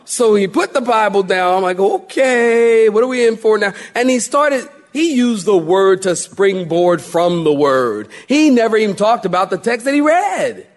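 Animated preacher man, lively pitch. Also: normal speed, few pauses. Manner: animated storytelling, emphatic repetition. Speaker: pastor. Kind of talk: sermon.

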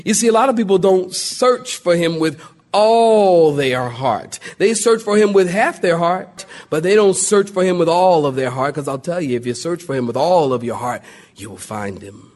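Animated preaching man with a high, lively voice. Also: moderate pace. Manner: animated storyteller, acts out characters in the story; calls out to the congregation. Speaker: pastor. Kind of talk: sermon.

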